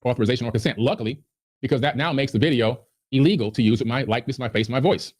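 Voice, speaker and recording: Man, podcast guest, talks very fast, heated and indignant, mid pitch. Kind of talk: agitated podcast rant.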